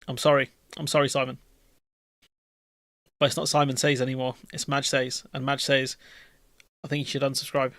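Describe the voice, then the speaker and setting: A man's voice: medium pitch, flat delivery, normal speed, long pauses, a bit bright, dry recording, clean studio sound. A man, hosting a live stream and chatting casually with his viewers in a jokey, rambling, slangy way.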